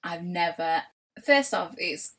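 A woman's voice: fairly low pitch, animated, slow pace, a bit bright. A young woman co-hosting a podcast in casual chat, rambling and swearing with frequent restarts. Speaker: podcast co-host.

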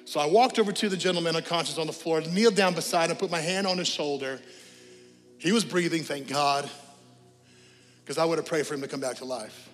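A high-pitched man preaches a sermon from the pulpit, moving from animated storytelling to a soft, prayerful invitation. His voice carries a long church reverb, with faint music underneath. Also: fairly quick. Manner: animated storytelling, then a quiet prayerful altar call. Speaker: pastor. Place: church sanctuary.

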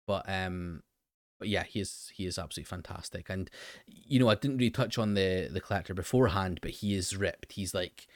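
Man, low voice, dry close sound, rambling recap host, lots of restarts. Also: no echo. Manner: rambling, many fillers and restarts. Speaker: show host recapping an episode. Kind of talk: casual commentary.

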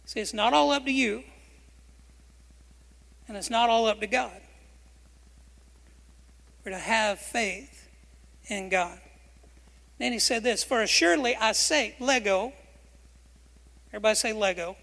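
Pastor, male, bright, forceful voice, emphatic sermon with call-and-response, long hall reverb. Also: high voice, measured pace, vocal fry, long pauses. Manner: emphatic, asks the congregation questions and has them repeat phrases. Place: church sanctuary.

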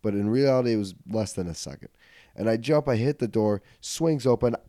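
A man hosting a podcast, telling a comedic story in casual chat. He swears freely, laughs as he goes, and swings from low mutters to loud outbursts on a studio mic. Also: fairly quick, no room sound. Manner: animated, swings from mutters to yelling. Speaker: podcast host.

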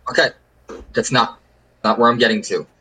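On his casual sports podcast, this host argues emphatically, repeating words as he builds his case. His medium-pitched voice is bright and forceful with fairly even intonation at a moderate pace, over slight background noise and poor audio.

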